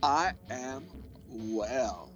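Deliberate male podcast co-host with dry humor, lively pitch, dull dry recording. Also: over music. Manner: slow, deliberate, dry jokes. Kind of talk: casual podcast chat.

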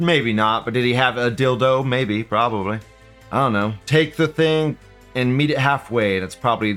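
A man's voice: mid-range voice, fairly bright tone. A man hosting a casual livestream, reading out viewer comments and rambling off the cuff with frequent bursts of laughter.

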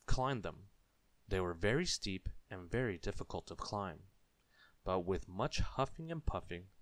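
Man reading a kids' story, low voice, super dry close mic, chatty with listeners. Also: no echo. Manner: expressive, asks listeners questions.

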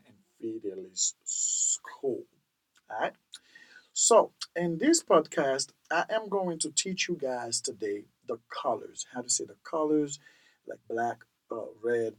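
A man's voice: on the high side, low-quality recording. A man hosting a casual language-lesson podcast, repeating each word several times and checking in with the listener. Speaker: podcast host teaching language.

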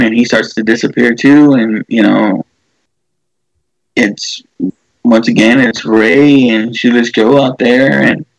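A man's voice: mid-range voice, gravelly, no room sound, rough recording. A man casually retelling a movie scene, rambling with many fillers and restarts.

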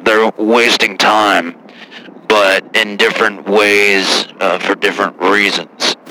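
A man's voice: lowish voice, little pitch movement, takes it slowly, sharp tone, a little hiss or hum, heavily acted, poor audio. A man voicing a nervous jewelry shop owner on a call-in comedy bit, stammering and mumbling. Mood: hesitant. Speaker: caller.

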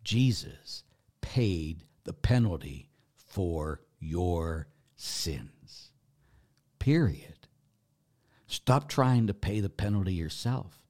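A middle-aged priest preaches with a folksy, joking warmth. His fairly low voice swings widely in pitch, rising into loud, emphatic bursts and then dropping back down. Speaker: Catholic priest. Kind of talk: informal preaching talk.

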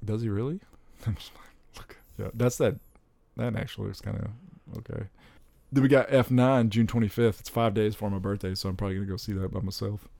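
A young man chatting casually about upcoming movies, rambling and excitable, with frequent exclamations. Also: fairly low pitch, fast, creaky, dry recording.

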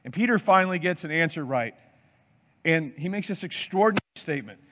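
A man's voice: fairly high pitch, expressive, fairly quick, a bit bright. A male pastor preaching a sermon, emphatic and stacking up lists of words. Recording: dull sound with long hall reverb.

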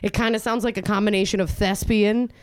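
A woman in her thirties performing a stand-up comedy set on a club stage, brash and animated, jumping into high exasperated outbursts. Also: fairly quick, noisy background. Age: 30s. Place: comedy club stage before a live audience.

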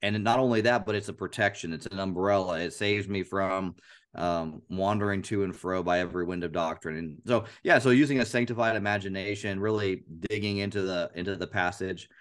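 A man with a very deep voice co-hosting a casual Bible discussion. He speaks in an earnest, animated way and repeats phrases aloud to illustrate his points. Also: brisk, clean tone. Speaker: podcast co-host.

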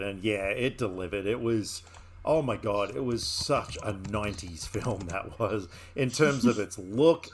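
A man's voice: fairly low pitch, a little hiss or hum. Enthusiastic man rambling about films. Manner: enthusiastic, rambling with fillers and restarts. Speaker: podcast co-host. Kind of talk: casual film chat.

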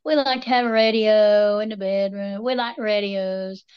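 A middle-aged woman co-hosts a podcast in a smooth, medium-pitched voice, speaking at a normal pace with fairly even intonation. She tells stories in a casual, wry, self-mocking way, and the recording sounds dull and lo-fi.

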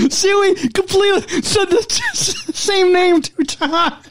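A man's voice: extremely high pitch, slow, heavy background noise. A man co-hosting a podcast in casual chat, joking and laughing often. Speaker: podcast co-host.

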